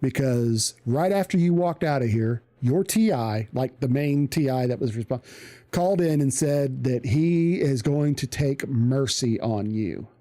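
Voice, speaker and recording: A man's voice: medium pitch, animated, unhurried, mellow. A male streamer telling a casual story, rambling with restarts and plenty of swearing.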